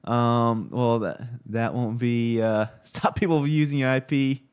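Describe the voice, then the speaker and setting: A man talks casually on a live stream and wanders between thoughts. He stops often to search for words or to check his screen and the chat. His voice is smooth and clear, at an ordinary pitch. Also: muffled recording. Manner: rambling, halting, many fillers and restarts; reads chat and looks things up on screen while talking.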